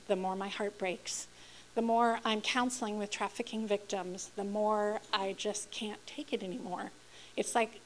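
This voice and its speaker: A woman telling a humorous, animated story of her own life, acting out her reactions. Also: a little hiss or hum, low-quality recording. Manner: animated, acts out her own reactions with big pitch jumps; humorous, self-deprecating. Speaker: speaker sharing her mission story. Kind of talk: storytelling testimony talk.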